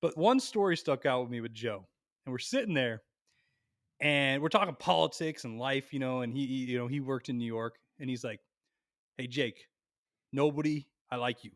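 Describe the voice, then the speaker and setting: A young podcast co-host tells a long family story in a lively, animated chat, swearing freely. His medium-pitched voice moves fairly quickly, and the recording is dry and clean, with studio sound.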